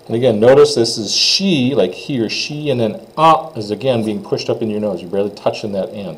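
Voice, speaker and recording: A man teaching French pronunciation, saying phrases slowly for students to repeat and explaining the sounds in plain, encouraging words. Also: lowish voice, poor audio. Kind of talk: classroom pronunciation lesson.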